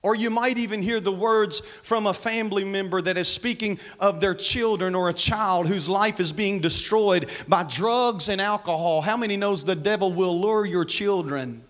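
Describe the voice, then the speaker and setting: Pastor guy preaching hard, highish voice, repeats himself, keeps calling out to the church. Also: normal speed, few pauses, fairly bright tone. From United States. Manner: fervent preaching, repeats phrases and calls to the congregation. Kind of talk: sermon. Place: church sanctuary.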